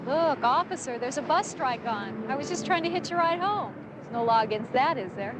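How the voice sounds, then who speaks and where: A woman's voice: high-pitched, lively intonation, a little fast, noisy background. An actress playing a nervous young woman who is new in town, pleading and defensive in an old TV crime drama. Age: young adult. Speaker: young woman hitching rides. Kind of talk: 1970s TV crime drama acting.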